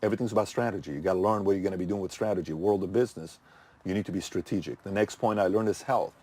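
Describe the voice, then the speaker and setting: A man's voice: low-pitched, racing, warm tone. A middle-aged man hosting his channel, giving a punchy motivational talk full of rhetorical questions that he answers himself. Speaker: channel host.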